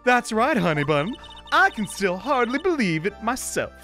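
A man's voice: high voice, sing-song, normal speed, pushed and bright, soft background music, pitched above the performer's own voice, exaggerated voice. A man voicing a chirpy elderly female nun who fusses sweetly about her aching back. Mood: sweetly chatty. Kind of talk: reading game dialogue aloud.

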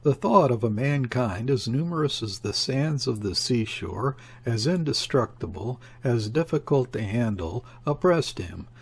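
A man narrating a classic novel as an audiobook in a measured, even reading. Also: medium pitch, breathy edge. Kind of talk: scripted narration.

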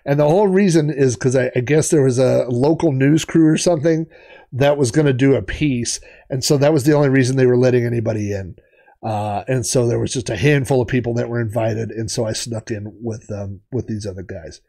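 A man's voice: mid-range voice, fairly even intonation, a little fast, vocal fry, dark tone. A man hosting a retro gaming vlog, telling stories in a rambling, digressive, chatty way. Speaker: retro gaming channel host. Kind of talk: casual storytelling vlog.

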